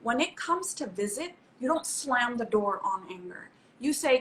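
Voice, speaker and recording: A middle-aged psychologist, appearing as a guest, explains things conversationally in an emphatic, coaching style, often repeating herself for stress. Her voice is on the high side, unhurried, fairly bright, and lively in intonation, on a rough recording with a little hiss or hum.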